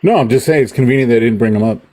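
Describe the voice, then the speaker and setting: A man's voice: mid-range voice, very fast, dark tone. A man in a casual political debate, pressing with pointed questions. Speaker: debate participant.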